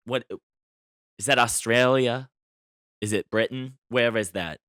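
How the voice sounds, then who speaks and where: A man's voice: mid-range voice, fairly even intonation, unhurried, fairly bright tone, no room sound. Joking man hosting a podcast, dry sound. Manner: playful, boastful, tongue-in-cheek. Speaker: podcast host. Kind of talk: casual solo podcast chat.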